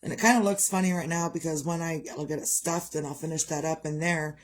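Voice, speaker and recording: A woman's voice: low-pitched, fairly even intonation, quick pace, a little hiss or hum. A middle-aged woman chatting candidly to her viewers, rambling and open about her grief. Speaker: vlogger. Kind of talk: casual chat.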